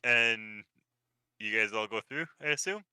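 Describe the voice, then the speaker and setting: A man narrating as game master of a tabletop game, relaxed and hesitant with many fillers. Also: fairly low pitch, measured pace, smooth, dry recording, low-quality recording.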